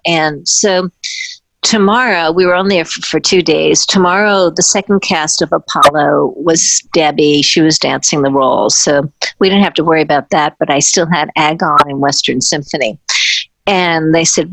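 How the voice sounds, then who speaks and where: A woman with a lower voice recounts a story from her dancing career, stopping and restarting sentences as she goes. She slips into other people's voices when she quotes them. The sound is dry and close. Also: normal speed, a bit bright, no echo. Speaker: former ballet dancer recounting her career. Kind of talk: personal anecdote.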